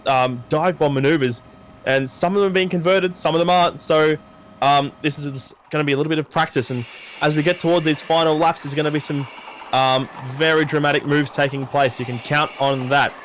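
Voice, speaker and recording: Excitable high-voiced male race commentator. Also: brisk, a little hiss or hum. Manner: excitable, jokey play-by-play. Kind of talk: sim racing commentary.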